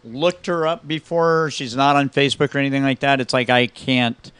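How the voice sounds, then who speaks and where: A man's voice: medium pitch, steady tone, normal speed, fairly bright tone, smooth, dry recording. A middle-aged man hosting a recovery radio talk show, telling stories casually and acting out both sides of conversations.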